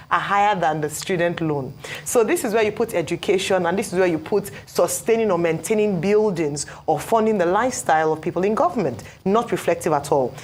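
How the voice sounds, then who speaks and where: A woman with a Nigerian accent giving measured, emphatic studio news analysis, with frequent restarts. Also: lowish voice, a little mellow, slight background noise. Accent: Nigerian English. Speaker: news show panelist.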